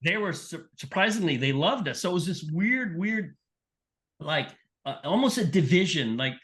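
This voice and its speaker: A middle-aged sports nutrition scientist, appearing as a podcast guest, tells stories in a casual interview, animatedly acting out the people he quotes. His voice is a little high and his pace moderate.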